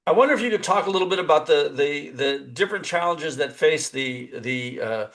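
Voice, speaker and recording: A man, a professor, interviewing in a webinar, halting with many uh's and restarts. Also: fairly high pitch, expressive, fairly bright tone.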